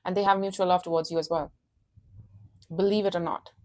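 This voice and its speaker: A woman's voice: lowish voice, fairly even intonation, brisk, darkish tone. A woman giving a casual tarot reading, intense and emphatic, repeating her phrases and calling the listener honey. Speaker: tarot reader.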